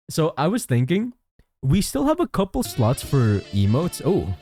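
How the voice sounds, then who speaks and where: Mellow-voiced young man streaming casually. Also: fairly high pitch, huge pitch swings, takes it slowly, faint music behind. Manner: chatty, reads chat aloud, frequent restarts. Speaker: VTuber streamer. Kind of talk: casual live-stream chat.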